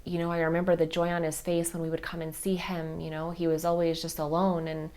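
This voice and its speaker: A woman quoting her young daughter, speaking in a tearful, halting way. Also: on the low side, monotone, a little mellow, lightly acted. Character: sad young girl, tearful.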